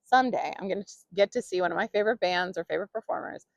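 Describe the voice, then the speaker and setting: A woman with a mid-range voice talks very fast on a clean recording with no room sound. Hosting her own solo podcast, she rambles casually, chatty and full of fillers and laughs.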